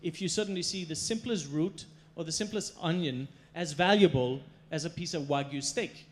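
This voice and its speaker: Guy doing a stage talk, kinda high voice, tells stories with lots of punch and humor. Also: moderate pace. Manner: storytelling, emphatic, playful. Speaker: chef giving a stage talk. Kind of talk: stage presentation. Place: stage before a live audience.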